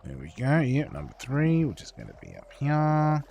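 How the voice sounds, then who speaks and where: A man's voice: mid-range voice, huge pitch swings, normal speed, gravelly, darkish tone, a little hiss or hum. A young man streaming while painting models, chatting casually with viewers in a rambling, profane way with lots of fillers.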